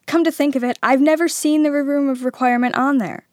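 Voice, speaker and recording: A woman voicing an excitable teenage boy wizard, urgent and emphatic. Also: high-pitched, brisk, no echo, studio quality, pitched above the performer's own voice, close to an everyday voice. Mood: excited.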